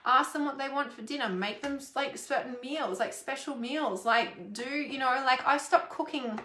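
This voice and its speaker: A woman's voice: high-pitched, moderate pace, sharp tone, a little hiss or hum. A woman and parenting coach talking frankly and casually to camera, rambling and swearing freely. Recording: roomy echo.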